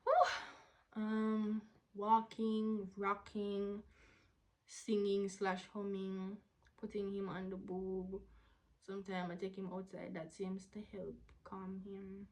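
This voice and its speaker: A young woman, answering viewer questions in a candid, casual vlog, sometimes dropping into a soft whisper. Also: mid-range voice, monotone, slow, low-quality recording. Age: young adult. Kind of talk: casual Q&A to camera.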